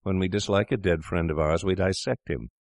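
A man's voice: sits low, a little fast, no echo, clean studio sound. A man reading the part of an anxious young medical student in a storybook, objecting uneasily. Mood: worried. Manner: worried, objecting.

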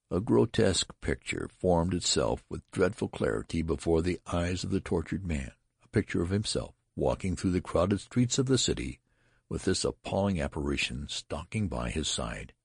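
Male audiobook narrator, very deep voice, husky, dry close sound, expressive reading. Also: moderate pace, no room sound. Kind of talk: dramatic literary narration.

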